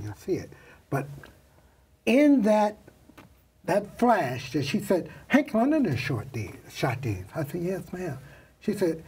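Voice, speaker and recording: An older man, a makeup artist guest, telling animated stories in an interview and acting out the voices of the people in them. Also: mid-range voice, breathy edge, recorded from a distance. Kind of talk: storytelling interview.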